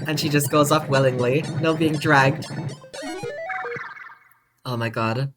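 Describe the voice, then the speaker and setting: A woman streamer giving live gameplay commentary, gushing and excitable, swearing and laughing often. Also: deep voice, takes it slowly, long pauses, music in the background.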